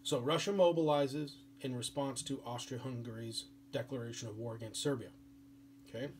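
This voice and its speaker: A man's voice: mid-range voice, fairly even intonation, moderate pace, a little mellow, slight background noise. A man giving a history lecture as a teacher, speaking in a casual, chatty way with many fillers. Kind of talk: classroom lecture.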